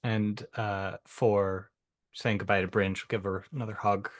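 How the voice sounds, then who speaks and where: A man playing a character in a tabletop game, gently describing her actions. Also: on the low side, little pitch movement, unhurried. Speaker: player.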